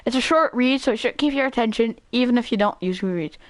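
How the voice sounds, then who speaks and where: A shy, bookish schoolgirl from a visual novel game, read out by a woman in a somewhat high voice. She speaks softly and hesitantly, and the sound is dry and close. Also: fast, no echo, natural voice.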